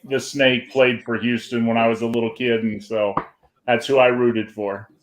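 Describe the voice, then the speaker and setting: A man's voice: medium pitch, flat delivery, moderate pace, echoey room. A man from Iowa co-hosting a casual sports chat, telling easygoing stories from his childhood. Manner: easygoing, reminiscing storyteller. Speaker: podcast co-host.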